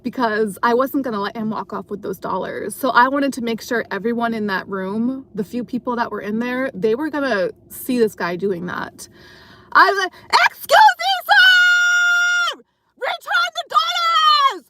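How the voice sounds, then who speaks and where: A woman telling a story in a casual live chat from her car, rambling with lots of fillers and restarts. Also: a little high. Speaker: live streamer. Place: car at night while driving.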